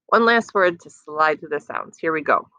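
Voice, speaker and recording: A low-pitched woman with a bright, forceful edge teaches young children phonics, stretching words out sound by sound. Her encouragement is steady and patient. The recording is dull and dry. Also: normal speed, no room sound.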